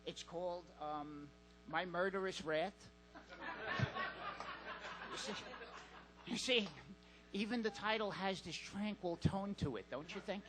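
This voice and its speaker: A man doing a stand-up set in a comedy club, deadpan and halting with fillers. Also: high voice, over music, rough recording.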